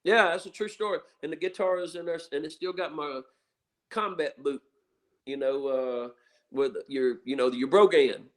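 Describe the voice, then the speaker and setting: A man's voice: on the high side, normal speed, fairly bright tone. A bluesman from Mississippi with a Southern accent, telling stories on a radio show in a rambling way full of fillers. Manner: meandering, filler-heavy storytelling. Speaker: blues musician guest. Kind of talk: rambling radio interview chat.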